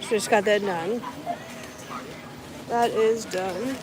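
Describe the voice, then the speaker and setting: Slow-talking woman vlogging on errands. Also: mid-range voice, noisy background. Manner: talks to herself and viewers as she goes. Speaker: rideshare driver vlogger. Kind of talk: casual vlog narration while running errands.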